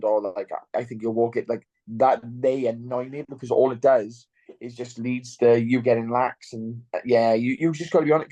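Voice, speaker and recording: A man's voice: mid-range voice, dark tone, dry recording. A young man, a fighter in an interview, talking bluntly and swearing freely. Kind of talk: casual interview chat.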